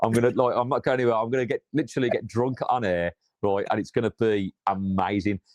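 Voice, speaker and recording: A low-voiced man chats about football on a podcast, loose and sweary, stumbling over repeated words in his excitement. The sound is dry and close. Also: fast, no room sound. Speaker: podcast co-host. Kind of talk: casual football chat.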